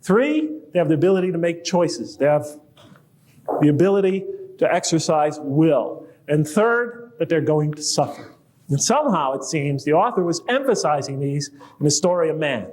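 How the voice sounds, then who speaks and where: A middle-aged man giving a conversational public lecture, joking with the audience and rising to animated emphasis. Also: a little high, moderate pace.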